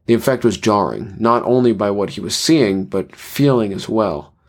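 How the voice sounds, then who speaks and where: A man narrating a scripted horror story in a measured way. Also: fairly low pitch, expressive.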